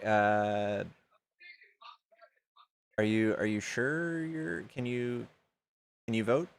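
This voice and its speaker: A man's voice: fairly low pitch, steady tone, drawn-out words, vocal fry. A man hosting a live stream, loose and joking, swearing casually and reading donations aloud to his chat. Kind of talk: casual livestream chat and debate.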